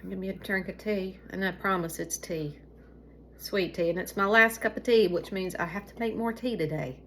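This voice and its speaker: A woman's voice: mid-range voice, normal speed, a bit bright, a little hiss or hum. A middle-aged woman from Alabama with a Southern accent, chatting casually to viewers at home, rambling and easily sidetracked. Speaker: vlogger.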